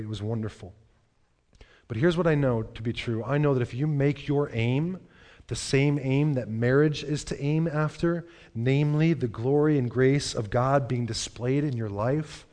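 A man's voice: medium pitch, darkish tone. A man preaching a sermon in a church, earnest and repeating phrases for emphasis. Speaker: pastor. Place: church hall.

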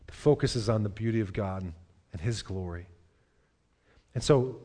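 A man's voice: fairly low pitch, normal speed, pauses often, dark tone. A man preaching a sermon in a church, earnest and repeating phrases for emphasis. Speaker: pastor. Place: church hall.

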